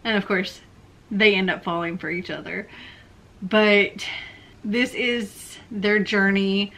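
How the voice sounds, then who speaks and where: A woman's voice: medium pitch, steady tone, slow pace, fairly bright tone. A young woman book vlogger chatting casually about books she read, with lots of fillers. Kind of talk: casual book review chat.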